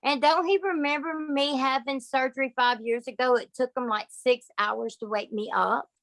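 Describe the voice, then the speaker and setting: Woman, storyteller, emphatic and folksy, higher voice, dry close sound. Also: steady tone, moderate pace, a bit bright, dry recording. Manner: folksy, emphatic, addresses listeners as y'all. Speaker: guest sharing testimony. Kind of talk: personal storytelling.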